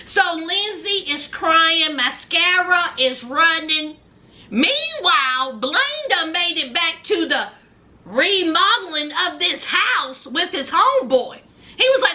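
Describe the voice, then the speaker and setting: A woman with a Southern twang giving a sassy, animated recap of a reality TV show, calling her viewers honey and baby. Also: very high-pitched, slow. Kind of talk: casual recap commentary.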